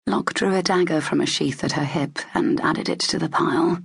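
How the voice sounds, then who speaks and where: A woman narrating a fantasy audiobook in a steady, even storytelling manner, with a husky, gravelly voice. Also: sits low, normal speed.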